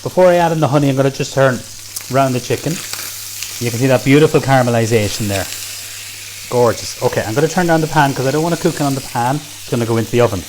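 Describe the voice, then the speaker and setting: An Irish cook demonstrates a recipe in his kitchen, his medium-pitched voice moving at a quick pace over some background noise. He's chatty and enthusiastic, full of praise for the food.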